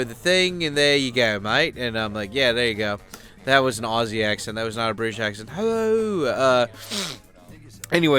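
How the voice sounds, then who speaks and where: A man's voice: mid-range voice, sharp tone, clean tone. A man giving loose, rambling commentary as a YouTube host, full of fillers and casual swearing.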